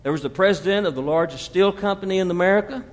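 A man in his fifties preaching a sermon, sweeping from loud emphasis to hushed asides. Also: high voice, fast talker, long reverb tail. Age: 50s. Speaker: pastor.

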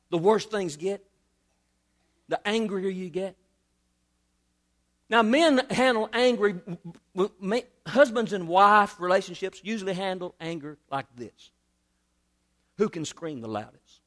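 A male pastor preaching a sermon, animated and repeating phrases for emphasis. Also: high-pitched.

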